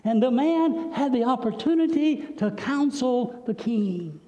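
A male preacher delivering a sermon, telling a story with dramatic swings between loud, high passages and hushed, low ones. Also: expressive, unhurried. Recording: dull, lo-fi recording with long hall reverb.

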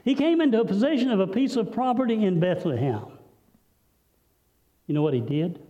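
High-voiced preacher in an echoing hall. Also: male voice, sing-song, moderate pace. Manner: dramatic storytelling, swinging from loud highs to hushed lows. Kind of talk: sermon. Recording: dull, lo-fi recording with long hall reverb.

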